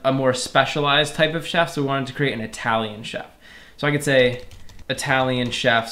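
A man's voice: medium pitch, a bit bright. A man teaching programming in a screen-recorded tutorial, explaining each step casually and speaking to viewers as "you guys". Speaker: programming instructor.

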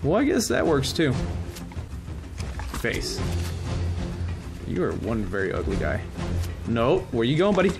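A man hosting a casual let's-play, reacting excitedly and chatting to the creatures he tames. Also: mid-range voice, measured pace, long pauses, over music. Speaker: gaming channel host.

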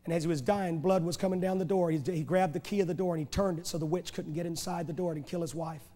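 A man's voice: on the high side, steady tone, fast talker, dark tone. A man preaching a revival sermon in a church, driving home his points with rhetorical questions and repeated phrases. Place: large church sanctuary. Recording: echoey church hall from a VHS tape.

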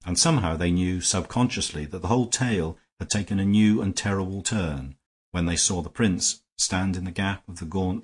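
A male audiobook narrator reads in a measured, steady manner. His voice is low and noticeably husky, never bright or crisp. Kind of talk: scripted narration.

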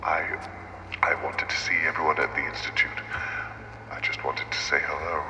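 An actor playing a confused elderly man lost in memory, who stammers in a deep, gravelly, trembling half-whisper. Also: flat delivery. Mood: confused, pleading. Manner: halting, stammering. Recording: roomy game audio with long reverb and noise.

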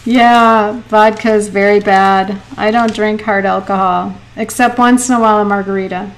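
A woman's voice: medium pitch, steady tone, normal speed, low-quality recording. A middle-aged woman teaching watercolor painting on a live stream, chatty, laughing often and reading viewer comments aloud. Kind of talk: live painting lesson with chat.

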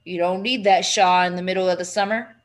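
A woman's voice: on the low side, fairly even intonation, fairly quick, close to an everyday voice. A woman doing a gloomy, sleepy old-fashioned husband. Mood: flat resigned. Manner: sighing, grumbling delivery. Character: gloomy, weary man, sleepy and grumbling.

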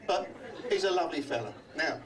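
An older man from London doing a comedy magic act in a hotel function room, chatty and teasing the audience with quick gags. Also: on the high side, animated, fairly bright tone, far from the mic. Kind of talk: live club comedy act.

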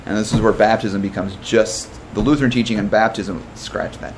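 A man who is a pastor leading a Bible study in a casual, conversational way, talking quickly with restarts and joking asides. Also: fairly low pitch, background noise.

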